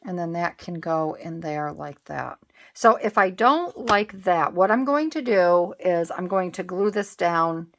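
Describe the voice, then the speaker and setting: A woman narrates her crafting at an unhurried pace, thinking aloud and second-guessing her choices. Her voice sits a little low and carries a gravelly fry, with a relaxed, casual delivery. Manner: thinking aloud, hesitant and musing. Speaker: craft channel host.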